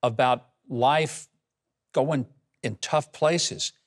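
A man's voice: mid-range voice, extremely slow. A man hosting a talk show, introducing and prompting a musician guest with short, encouraging questions.

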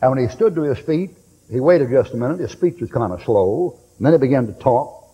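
A man's voice: medium pitch, expressive, brisk, husky, lo-fi sound. Folksy preacher man in a reverberant hall. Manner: folksy storytelling preacher, acting out quoted voices. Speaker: pastor. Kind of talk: sermon.

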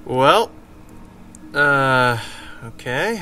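A young man commenting on a video game he is playing, excitable and swearing, often yelling at the game. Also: medium pitch, very slow. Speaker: let's play gamer. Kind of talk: gameplay commentary. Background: game music.

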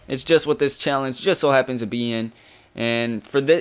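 Young male gaming host, live commentary, mid pitch, frustrated and foul-mouthed. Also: moderate pace, clean tone. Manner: frustrated, swearing, swinging between calm and outbursts.

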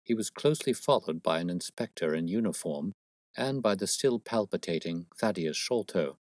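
A man narrating a classic detective story in a steady, measured reading voice. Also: deep voice, no room sound, clean studio sound.

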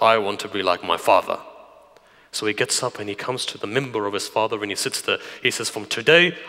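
A man preaching a sermon and telling stories, dropping to a hushed near-whisper and then rising to emphatic, raised lines. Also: lowish voice. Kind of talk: Muharram night sermon. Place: community centre hall. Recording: long hall reverb.

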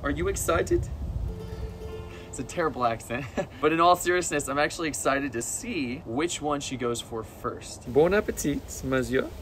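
A man's voice: a little high, moderate pace, a bit bright, faint music behind. A man vlogging casually with his pet, playful and cooing at it in baby talk.

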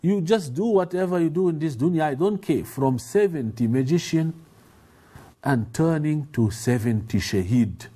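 Emphatic male preacher, mellow voice. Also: lively intonation, normal speed, slightly rough. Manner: emphatic, repetitive, with sudden rises in pitch. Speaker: Islamic preacher. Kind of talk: televised religious lecture.

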